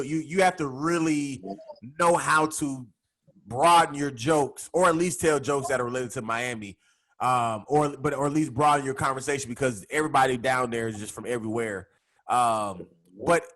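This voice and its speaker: A man's voice: on the high side, bright, forceful tone, poor audio. A man, a comedian, chatting casually on a live video call podcast, rambling with many restarts. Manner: rambling, restarts often, says "you know what I'm saying".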